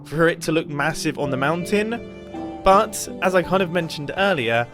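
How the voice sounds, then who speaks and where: A man narrates his game in a casual, chatty way, playful and a little rambling. His voice sits somewhat high for a man. Faint music plays underneath. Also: expressive, normal speed. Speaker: gaming video creator. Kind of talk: casual game commentary voice-over.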